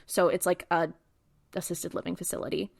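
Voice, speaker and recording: A woman co-hosting a podcast, recapping a TV episode in a casual, animated way and acting out the characters' lines. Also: on the low side, a little fast, gravelly, dry recording, studio quality. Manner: animated retelling, acts out quotes. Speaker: podcast co-host.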